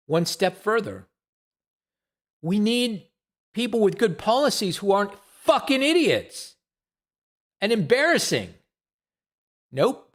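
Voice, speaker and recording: A middle-aged man rants on a live stream, blunt and profane. His voice sits high for a man and leaps about in pitch as he talks. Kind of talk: casual stream monologue.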